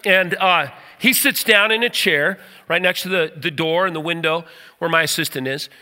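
A middle-aged man preaching a sermon, telling a personal story with animated energy. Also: fairly high pitch, normal speed, in a large hall. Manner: animated storyteller, rises to near shouting at the story's climax.

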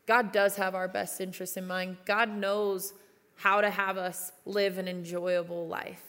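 A woman's voice: mid-range voice, level tone, measured pace, a bit bright, clear, resonant tone. A young woman youth pastor giving an earnest, conversational sermon with personal stories. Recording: long reverb of a large hall.

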